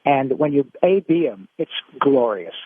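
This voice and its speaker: A man from Michigan, a guest voice actor, telling stories in an animated way with many restarts in a casual interview. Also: medium pitch, a little slow, husky, dry recording. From Michigan, USA. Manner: animated storyteller, frequent restarts. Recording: dry, phone-like line.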